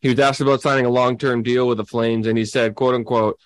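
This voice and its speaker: A man's voice: mid-range voice, steady tone, fast talker, hardly any pauses, dry recording. A man co-hosting a sports chat, amused and easygoing, reading quotes aloud. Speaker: podcast co-host.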